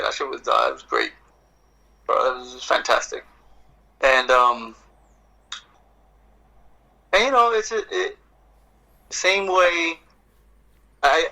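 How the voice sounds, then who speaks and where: A middle-aged man in casual podcast talk, an animated, profane storyteller who acts out exchanges. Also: mid-range voice, low-quality recording. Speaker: poet and guest.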